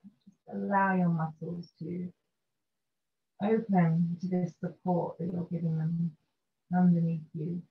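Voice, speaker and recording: A woman teaching a restorative yoga session, guiding gently and calmly through poses and breathing. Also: fairly low pitch, creaky. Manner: gentle, slow and soothing guidance. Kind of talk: guided restorative yoga instruction. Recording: dull lo-fi recording with faint noise.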